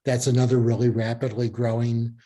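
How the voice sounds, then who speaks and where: Male co-host, average pitch, quick to chime in on a call. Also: little pitch movement, warm tone. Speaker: co-presenter.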